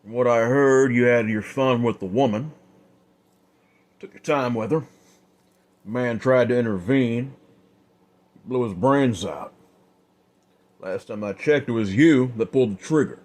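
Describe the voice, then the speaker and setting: A man voicing a cold, calm undead gunslinger who speaks in a quiet, menacing way in an audio story. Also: medium pitch, unhurried, pauses often, natural voice.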